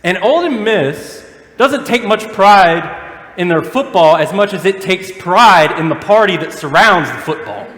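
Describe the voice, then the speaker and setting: Southern pastor preaching in an echoing church. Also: male voice, high voice, expressive, unhurried, fairly bright tone. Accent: Southern American. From Alabama, USA. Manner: conversational preaching with rhetorical questions. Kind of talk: sermon. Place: church sanctuary. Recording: echoey church hall.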